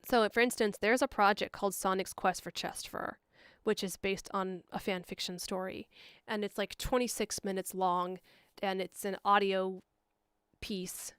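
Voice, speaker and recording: A woman rambles through a livestream update on her dub projects, with plenty of ums and side remarks. Her voice is very clear and a little hoarse. It sounds close and dry, with no room around it. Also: mid-range voice, fairly even intonation, measured pace, a bit bright, dry recording. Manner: rambling, with frequent ums and asides. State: slightly hoarse. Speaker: fan comic dub producer and director. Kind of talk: casual livestream channel update.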